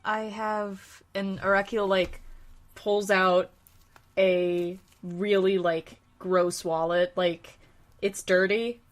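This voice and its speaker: A woman's voice: medium pitch, level tone, slow. A woman playing a tabletop game, describing her character's actions in a laid-back way. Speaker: player. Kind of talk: casual tabletop play.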